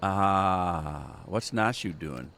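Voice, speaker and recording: Brief: lower-voiced man, casual game commentary, joking asides. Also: extremely slow, fairly bright tone. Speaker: gameplay channel host.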